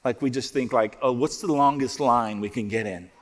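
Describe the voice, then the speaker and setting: A man preaching a sermon as pastor, conversational and joking, dropping to soft prayerful tones. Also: mid-range voice, normal speed, long reverb tail. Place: church auditorium.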